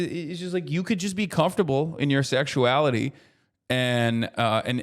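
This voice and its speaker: A man in his thirties streaming casual political commentary, ranting with heavy profanity. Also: mid-range voice.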